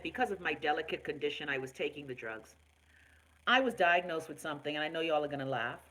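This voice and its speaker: A woman's voice: lowish voice, rough recording. A woman from the Bahamas with a Bahamian accent, hosting a live online talk show in an outspoken, profane, casual style while reacting to viewer comments. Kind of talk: casual live-stream rant.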